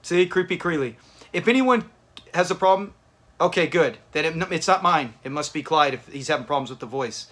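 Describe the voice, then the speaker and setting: A man with kids, fairly high-pitched and animated, talks a little fast in a fairly bright tone. He hosts a live watch party, chatting with viewers and laughing often while reacting to a sitcom episode.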